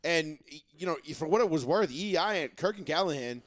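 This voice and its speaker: A man's voice: on the high side, expressive, brisk, dry recording, clean studio sound. A man in his thirties from Massachusetts, co-hosting a sports podcast in a profane, rambling casual chat full of restarts. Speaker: podcast co-host. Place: studio.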